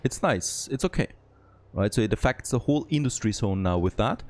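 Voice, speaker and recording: A man who is not a native English speaker, thinking aloud and getting excited as he comments on a city-building game. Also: on the low side, fairly quick. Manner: thinking aloud, easily excited, frequent "there you go". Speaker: gameplay commentator. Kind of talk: let's play commentary.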